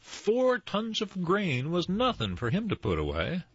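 A man telling tall tales and explaining word origins in an expressive, lively storytelling manner. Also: sits high, measured pace, husky, no echo. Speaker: storyteller and co-host. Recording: dull lo-fi recording, dry.

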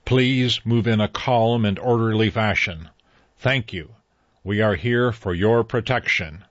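A man voicing an alien announcer who speaks with a calm, booming authority. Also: a little slow, lo-fi sound. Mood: commanding.

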